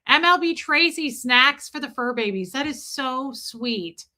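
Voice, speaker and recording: Bright, effusive woman streamer. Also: high-pitched, lively intonation, a little slow. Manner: chatty, effusive, thanks viewers. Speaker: livestream host. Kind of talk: casual livestream chat.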